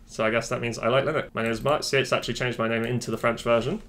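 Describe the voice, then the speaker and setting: Tutorial host: man, chatty and offhand, mid-pitched, desk mic with faint keyboard clicks behind. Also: fairly even intonation, rapid-fire, noisy background. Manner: chatty, offhand, self-deprecating asides. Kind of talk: casual screen-recorded tutorial. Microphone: desk microphone.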